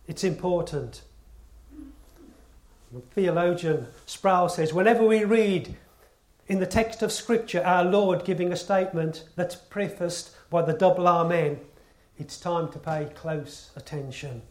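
Man, preaching a sermon, fairly high voice, earnest, repeats words for emphasis, echoey church. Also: unhurried, a little mellow. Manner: earnest, repetitive emphasis, rhetorical questions. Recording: echoey room.

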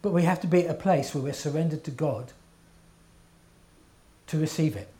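A man's voice: fairly high pitch, moderate pace, dark tone. A man preaching a sermon in an earnest, emphatic way, often checking in with his listeners.

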